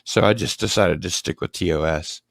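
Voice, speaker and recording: A man's voice: deep voice, brisk, creaky, no echo. A man hosting a casual livestream chat, rambling with ums and restarts. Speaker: livestream host.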